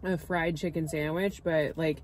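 A woman's voice: low-pitched, steady tone, moderate pace, darkish tone, slight background noise, low-quality recording. Easygoing woman chatting over food. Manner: easygoing, hums and says 'like' a lot. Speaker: co-host of a food channel. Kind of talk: casual mukbang chat while eating.

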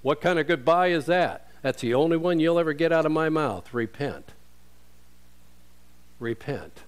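A man's voice: a little high, brisk, clear, resonant tone. A male pastor preaching a sermon in a conversational way, asking rhetorical questions and quoting scripture.

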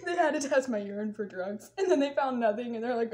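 A woman's voice: fairly high pitch, lively intonation, moderate pace, pauses often, a little mellow. A young woman vlogger telling a funny personal story in a casual way, often breaking into laughter.

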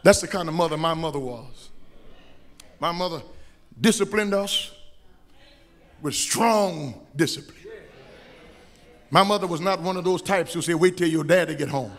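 A middle-aged man, preaching a sermon as pastor, with shouted, sing-song rises. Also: fairly high pitch, unhurried, long pauses. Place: church sanctuary. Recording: echoey church with long reverb.

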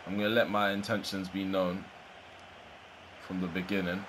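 Low-voiced man commentating his gameplay. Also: normal speed, background noise. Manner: excitable, swears, laughs at his own play. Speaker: gaming YouTuber.

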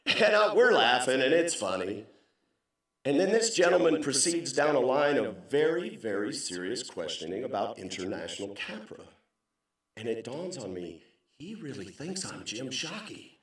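Animated man joking in an echoey hall. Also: a little high, measured pace, recorded from a distance. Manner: punchy, joking, animated delivery with sudden loud outbursts. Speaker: keynote speaker. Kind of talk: comedic storytelling speech. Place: large banquet hall.

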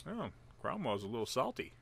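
Excitable man commentating a tank battle. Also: mid-range voice, brisk, vocal fry, a little hiss or hum. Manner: excitable, joking, reacting loudly to hits and misses; teasing asides to the player. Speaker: gameplay commentator. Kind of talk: live commentary over a friend's tank battle replay.

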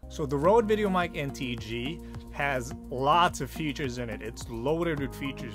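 Man testing a mic with background music. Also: mid-range voice. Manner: plain, matter-of-fact, with small fillers. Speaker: gear reviewer. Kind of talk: casual mic test and review. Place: outdoors, then indoors at a computer. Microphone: shifting between phone and shotgun mic at varying distances.

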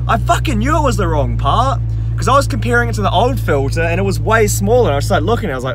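A man's voice: high-pitched, animated, fast talker, music in the background. A young man vlogging in a casual way, ranting and swearing nonstop about a botched job on his car. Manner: swears constantly, exasperated ranting. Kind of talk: casual vlog talk.

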